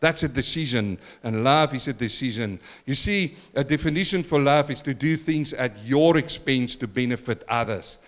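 A middle-aged male pastor giving an emphatic sermon, swinging between loud exclaims and quiet asides and calling for congregation responses. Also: lively intonation, normal speed, few pauses. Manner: emphatic preaching with wide swings in loudness and pitch.

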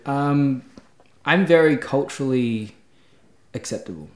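A man's voice: mid-range voice, a little slow, a little mellow. A young man with an Australian accent, a YouTuber chatting as a podcast guest and often trailing off with "yeah". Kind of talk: casual podcast interview. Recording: echoey room.

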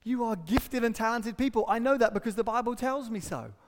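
A middle-aged man, a pastor, preaching an earnest sermon and acting out quotes and stories with lively shifts. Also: very high voice, brisk, long reverb tail. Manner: earnest, animated storytelling with acted-out quotes.

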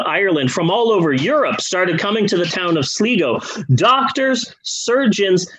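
High, lively husky-voiced man. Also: low-quality recording. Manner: rambling, sarcastic, swears casually. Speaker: podcast host. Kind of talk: casual history storytelling.

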